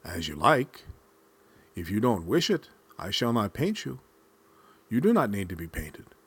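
A man's voice: fairly low pitch, sing-song, breathy edge, exaggerated voice. A man voicing a small, clever male raccoon trickster in a spoken folk tale, sly and pleading by turns. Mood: coaxing. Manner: pleading, quick-witted.

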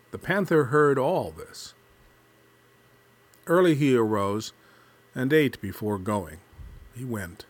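A male storyteller reading a folk tale in a measured, deliberate cadence. His voice is husky, and his pitch moves in lively rises and falls while the pace stays slow.

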